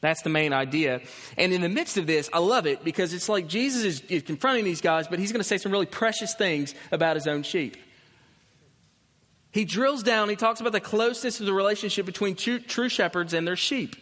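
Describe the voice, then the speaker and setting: A man preaching a sermon as pastor, telling the story with animated restarts and emphasis. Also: sits high, brisk. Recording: long hall reverb.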